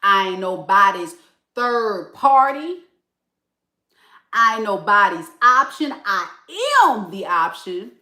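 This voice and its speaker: A woman's voice: mid-range voice, slow, roomy sound. Laughing, sassy tarot reader woman. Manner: animated, laughing, sassy slang. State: tired. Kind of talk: casual live tarot reading.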